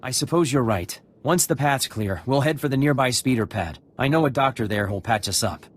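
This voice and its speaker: A man's voice: medium pitch, lively intonation, brisk. A man voicing an earnest, eager young recruit in a game cutscene.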